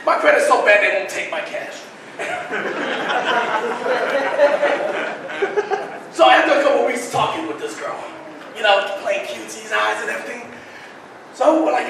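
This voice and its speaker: A man's voice: very high voice, huge pitch swings, slow pace, long pauses, crowd noise, noisy background. A young man doing stand-up, telling a rambling, self-deprecating story to a comedy club audience, heard through a roomy club sound from a distant mic.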